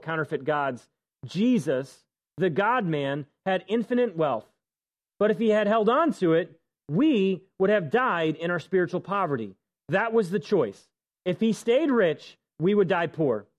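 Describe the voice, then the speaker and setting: Male pastor with a fairly high voice, preaching conversationally in a church, stressing key words. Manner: conversational, emphatic, drops low for stress. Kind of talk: sermon. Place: church sanctuary.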